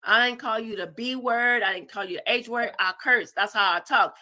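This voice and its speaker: A woman's voice: fairly high pitch, moderate pace, sharp tone. A woman hosting her channel, reacting bluntly to a clip in casual commentary and swearing freely. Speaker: channel host.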